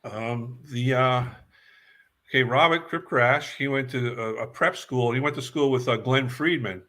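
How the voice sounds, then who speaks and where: A man's voice: medium pitch, measured pace, sharp tone. An older man from New York, a guest musician, telling long stories in a rambling way and repeating words as he remembers. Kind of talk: casual storytelling interview.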